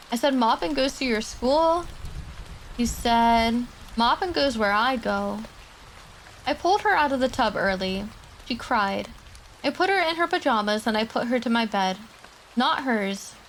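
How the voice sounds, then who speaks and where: A woman's voice: fairly high pitch, creaky, a bit bright, slight background noise, rough recording. A woman streamer reading horror stories aloud to her live chat, with casual chatty asides in between.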